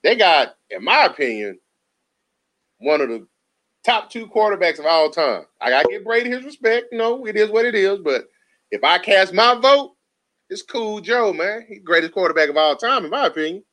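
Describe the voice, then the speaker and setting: A man's voice: high-pitched, big pitch swings, normal speed, fairly bright tone. A man co-hosting a casual sports talk show, making emphatic, opinionated points.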